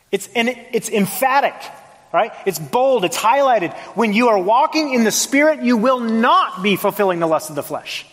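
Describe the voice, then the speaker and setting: Male pastor, high voice, emphatic sermon delivery in a reverberant church hall. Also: lively intonation, moderate pace, fairly bright tone. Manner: emphatic, varied dynamics, rhetorical questions. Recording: long reverb of a large hall.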